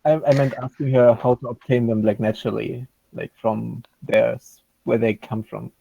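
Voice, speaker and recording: A man's voice: mid-range voice, fairly even intonation, moderate pace, gravelly, husky, dry recording, phone-quality sound. A man playing a tabletop game, chatting casually and stammering with restarts. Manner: stammering, restarts, laughs while talking. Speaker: player. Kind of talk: casual chat, tabletop role-play.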